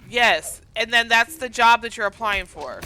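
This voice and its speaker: A woman from the American South with a Southern accent, chatting casually and excitedly while playing a game, rambling with lots of fillers. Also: a little high, moderate pace, a little hiss or hum. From Southern United States. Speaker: gaming channel host.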